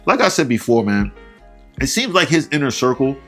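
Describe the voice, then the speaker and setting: A man tears into a story in heated reaction commentary, his voice leaping high and dropping low as he goes. He rants with exasperation and breaks into frequent laughs. Faint music sits behind him. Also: very animated, a little fast, a bit bright. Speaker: reaction channel host.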